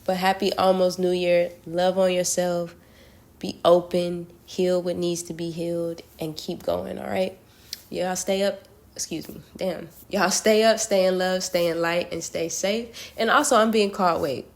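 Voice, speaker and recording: Gravelly woman giving a casual tarot message. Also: fairly low pitch, normal speed. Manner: relaxed, talks straight to viewers with slang. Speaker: tarot reader.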